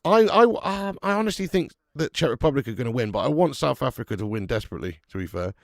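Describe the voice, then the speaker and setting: A man's voice: medium pitch, lively intonation, fast, vocal fry, dry recording, clean studio sound. A man with a chatty, sweary manner hosting a live football watch-along, greeting viewers in the chat as he commentates.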